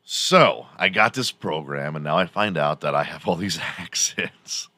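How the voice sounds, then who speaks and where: A man's voice: very deep voice, expressive, measured pace, pushed and bright, dry recording. A man hosting a podcast, telling a rambling story in a casual, profane way and laughing often as he goes. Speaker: podcast host.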